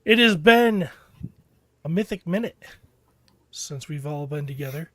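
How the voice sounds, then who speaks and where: A man's voice: on the high side, lively intonation, measured pace, a bit bright, no room sound, studio quality. A man hosting a podcast in casual chat, joking and playful. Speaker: podcast host.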